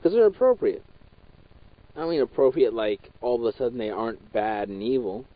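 A man's voice: mid-range voice, animated, a little fast, no echo. A young man delivering a heated, profane, repetitive rant. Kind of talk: ranting monologue. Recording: dull lo-fi recording.

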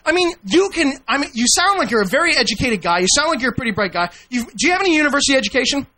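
Brash, high, bright-voiced mocking radio host. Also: male voice, very animated, rapid-fire. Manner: profane, mocking, talks over the guest. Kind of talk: combative radio interview.

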